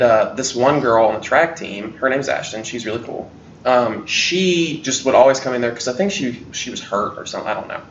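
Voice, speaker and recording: A man with a mid-range voice hosts a casual conversation, thoughtfully explaining his points with frequent fillers. The lo-fi sound is echoey and distant, with slight background noise.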